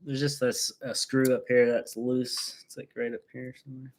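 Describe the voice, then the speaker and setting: A man's voice: mid-range voice, flat delivery, normal speed. A man chiming in on a casual livestream chat with dry, teasing remarks from the side.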